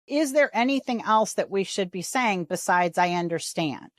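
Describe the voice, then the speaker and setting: A woman hosting a podcast, with a middle-pitched voice. She talks in a chatty, animated way and acts out the voices she quotes. The sound is dry and close. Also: moderate pace, no echo. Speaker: podcast host. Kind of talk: casual interview chat.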